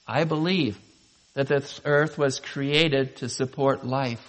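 A man delivers a sermon at a middle pitch. He tells stories earnestly, pausing for effect and building emphasis as he speaks. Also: fairly even intonation, a bit bright, low-quality recording. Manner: earnest storytelling with dramatic pauses, rising in emphasis. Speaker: pastor.

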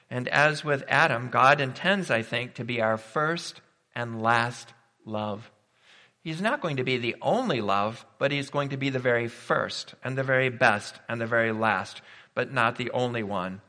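A man's voice: mid-range voice, moderate pace, bright, forceful tone. A man preaching a sermon, emphatic and full of rhetorical questions. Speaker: pastor. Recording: reverberant hall.

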